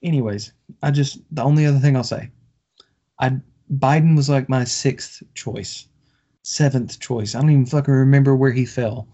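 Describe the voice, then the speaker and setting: A man on a podcast, a few drinks in, rants with heavy swearing and stumbling restarts. His voice sits at an average pitch. The audio is dull and lo-fi. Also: fairly even intonation, normal speed, warm tone. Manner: profane, passionate, stumbling restarts. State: has been drinking. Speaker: podcast co-host. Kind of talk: heated casual political rant.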